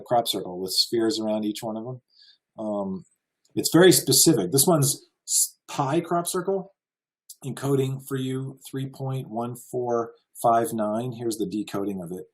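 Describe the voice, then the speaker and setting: A man's voice: medium pitch, a little mellow, rough recording. An American man giving a casual slideshow lecture, earnest and full of wonder, chuckling now and then. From United States. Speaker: presenter.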